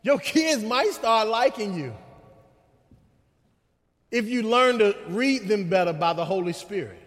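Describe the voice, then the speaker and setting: High-voiced preacher man in a ringing church. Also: expressive, a little slow. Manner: swings from folksy asides to shouted preaching. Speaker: guest pastor. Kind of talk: sermon. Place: church sanctuary. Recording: long reverb of a church hall.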